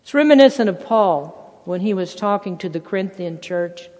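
A preacher delivering a sermon, emphatic, quoting scripture and swinging between loud bursts and hushed passages. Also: mid-range voice, animated, moderate pace, big-room sound. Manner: quotes scripture and acts out voices.

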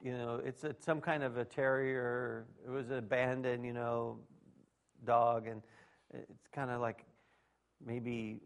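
Man, pastor, gravelly voice, conversational sermon, folksy, rhetorical questions. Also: medium pitch, little pitch movement, a little slow.

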